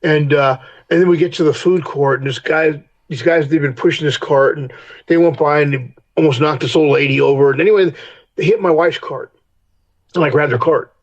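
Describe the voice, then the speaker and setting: Speaking briskly in a slightly high voice, a middle-aged podcast guest shares frank, profanity-laced stories, reenacting heated clashes. The sound quality is lo-fi.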